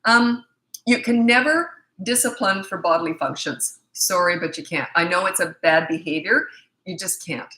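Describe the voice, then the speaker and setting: A woman's voice: lowish voice, moderate pace, pushed and bright. A middle-aged woman parenting coach answering viewer questions in a live Q&A, blunt, confident and emphatic. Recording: echoey room.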